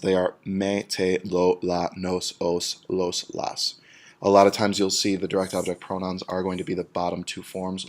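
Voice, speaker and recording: A deep-voiced male teacher talks through a grammar lesson in a steady, patient way. He works through each example step by step and draws out the key words slowly so students can follow. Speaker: Spanish teacher.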